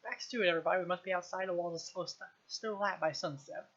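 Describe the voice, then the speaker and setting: A woman reading the lines of a bluff middle-aged male actor-manager, brisk and commanding. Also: fairly low pitch, a bit bright, muffled recording.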